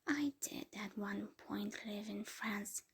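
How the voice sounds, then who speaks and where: A woman whispering the lines of a calm, composed young man in a whispered role-play story reading. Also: mid-range voice, slow. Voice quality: breathy whisper.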